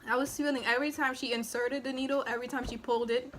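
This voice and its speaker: A woman's voice: high voice, steady tone, fast talker, noisy background. A young woman in casual storytime talk, rambling and full of fillers, acting out what people said as she tells it. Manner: chatty, rambling, filler-heavy, acts out quotes. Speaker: vlogger and new mother. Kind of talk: casual storytime while eating.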